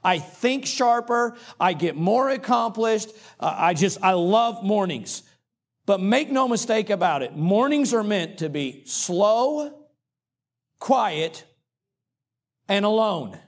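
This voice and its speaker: A middle-aged male pastor preaching a sermon in a folksy, humorous way, with dramatic pauses. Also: sits high, animated.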